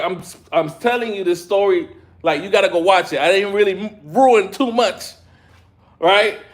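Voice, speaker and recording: A man giving a casual live review of an episode, retelling scenes in an excitable, slangy way. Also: on the high side. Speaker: show reviewer.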